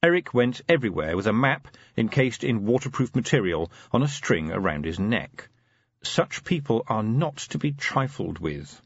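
A man narrating an audiobook in a dry, measured storytelling manner. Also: lowish voice, very animated, husky, no echo. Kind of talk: scripted narration. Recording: slightly dull, muffled audio.

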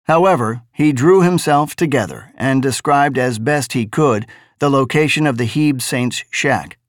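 A man narrating a novel with a measured, deliberate delivery. His voice sits in a middle register and sounds dry and close, with no room echo. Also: mid-range voice. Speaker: audiobook narrator.

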